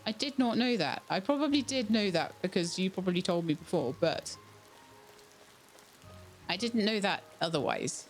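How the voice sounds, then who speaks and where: A woman talks through her farming game in a relaxed, chatty way, thinking aloud as she plays. Her voice sits at an ordinary middle pitch. Soft game music and rain patter behind her. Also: moderate pace, pauses often. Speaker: game streamer. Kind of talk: casual let's-play commentary.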